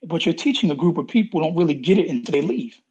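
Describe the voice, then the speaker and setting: A man's voice: a little high, animated, quick pace, a little mellow, slightly rough, dull audio. A man in his fifties, an interview guest talking casually and emphatically, repeating key phrases for stress. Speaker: interview guest, college athletics administrator.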